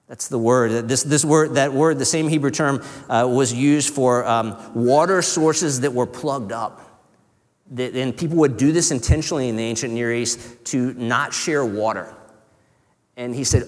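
A man preaching a sermon in an earnest, conversational way, sometimes dropping to a hush. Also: medium pitch, a little slow. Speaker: pastor. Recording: reverberant hall.

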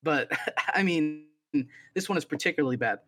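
A young man co-hosting a casual podcast, cracking dry, deadpan jokes. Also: a little high, normal speed. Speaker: podcast co-host.

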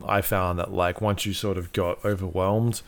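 A man with a low, flat voice and vocal fry talks at a moderate pace as co-host of a casual podcast about video games. He rambles through his thoughts, swearing freely and using lots of fillers.

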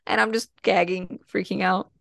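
A woman's voice: mid-range voice, fairly even intonation, normal speed, vocal fry, a bit bright, dry recording, clean studio sound. A woman from the American Midwest co-hosting a podcast in casual chat, squeamish and full of fillers. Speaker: podcast co-host.

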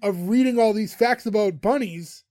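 High-pitched with a darkish tone, this man recaps a TV episode on a podcast at normal speed. He keeps it chatty and laughs often through the retelling, in studio-quality audio with no echo.

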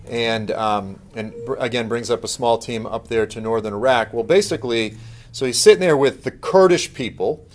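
A middle-aged man giving a conversational update, telling stories with plenty of fillers and lively asides. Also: mid-range voice, normal speed. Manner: conversational, animated impressions of others, many fillers. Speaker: speaker giving a ministry update. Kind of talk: casual storytelling talk.

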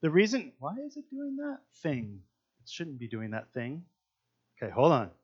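A high-pitched man gives a relaxed devotional Bible teaching, talking in a chatty, earnest way with plenty of fillers. The recording sounds dull and lo-fi. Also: moderate pace, slightly rough.

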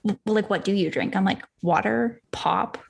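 A young woman co-hosting a casual podcast chat. She sounds bubbly and talks with plenty of "like" and "um". Her voice has a gravelly, slightly husky edge. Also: mid-range voice, fast talker, darkish tone. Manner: bubbly, filler-heavy. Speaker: podcast co-host.

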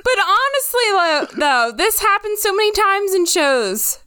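A woman's voice: very high voice, very animated, measured pace, pushed and bright, no room sound, studio quality. A woman co-hosting a TV recap podcast in casual chat, musing and asking rhetorical questions. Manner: conversational, offers life advice, asks rhetorical questions. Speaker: podcast co-host.

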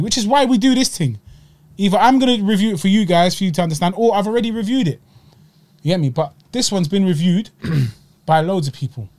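Podcast host, male, Egyptian roots, lightly raised pitch, chatty and animated. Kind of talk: casual chat, food review.

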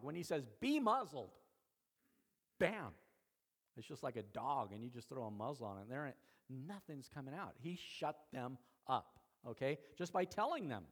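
Higher-voiced man preaching conversationally. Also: creaky. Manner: conversational preaching, frequent "okay?" check-ins. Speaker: pastor. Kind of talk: sermon.

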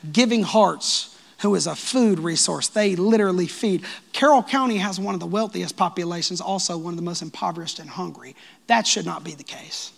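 A man preaching a sermon as pastor of his church, lively and joking with the congregation. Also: high voice, a little fast, creaky. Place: church sanctuary.

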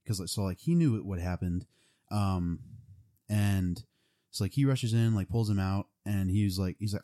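A man's voice: deep voice, fairly even intonation, normal speed, mellow. A young man casually retelling a movie plot, rambling with lots of fillers. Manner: rambling, full of "like" and "um".

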